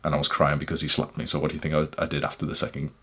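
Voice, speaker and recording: A man from England, hosting a podcast, candidly recounting his childhood in an intense, halting way. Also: very deep voice, completely flat delivery, fairly bright tone, slightly rough. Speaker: podcast host. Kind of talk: personal storytelling monologue.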